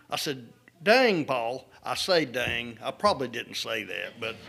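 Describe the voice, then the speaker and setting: A man giving a funeral eulogy, telling stories in a folksy, halting way with many fillers. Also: medium pitch, a bit bright.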